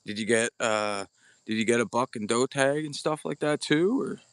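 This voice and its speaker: A man's voice: mid-range voice, normal speed, clear, resonant tone, no echo. Chatty bowhunter man, dry sound. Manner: chatty, greets viewers by name, blunt and informal. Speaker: bowhunting livestream host. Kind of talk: casual live-stream chat. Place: outdoors at an archery practice spot. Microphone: camera or phone mic without external microphone.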